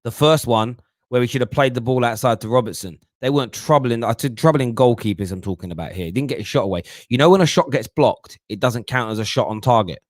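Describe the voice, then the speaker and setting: A man hosts a fan football show, talking in a lively, slangy way as he answers viewer comments. His voice sits in a middling register. The sound is dry and close. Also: mid-range voice, fast talker, no echo. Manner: animated, mocking put-on voices, London slang like "bruv". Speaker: football talk show host.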